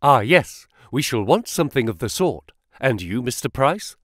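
A man voicing a terrified male office manager who speaks fast with strained politeness. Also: mid-range voice, sing-song, no echo, clean studio sound. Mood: nervous. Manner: hurried, nervous, strained politeness.

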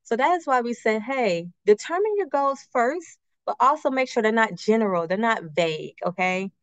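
A woman's voice: fairly high pitch, animated, normal speed, dry recording. Chatty woman teaching budgeting basics. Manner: conversational, keeps checking in with "right?" and rhetorical questions; uses everyday personal examples. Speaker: credit union financial educator. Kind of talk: casual workshop presentation with slides. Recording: slightly muffled, dry recording.

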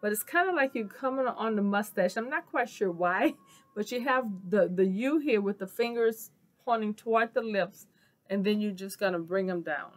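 Chatty woman teaching signs. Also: medium pitch. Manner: chatty, many fillers, repeats each sign word slowly. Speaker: sign language vocabulary teacher. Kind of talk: casual instructional video.

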